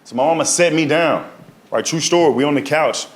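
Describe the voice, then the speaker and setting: A male stand-up comedian telling stories in an animated way, often checking in with the crowd. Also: fairly high pitch, fairly quick. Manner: animated, storytelling, often asks "right?". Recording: live club with loud audience laughter.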